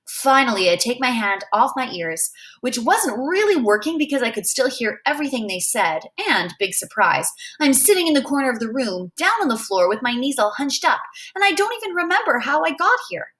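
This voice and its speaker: A woman reading a novel aloud as a first-person storyteller, in an expressive way. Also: sits high, brisk, few pauses. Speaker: reader.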